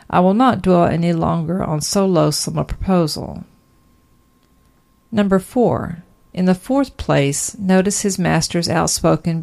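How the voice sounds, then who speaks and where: Low, gravelly woman reading a sermon. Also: darkish tone. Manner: earnest, emphatic preaching cadence with rhetorical questions. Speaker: sermon reader.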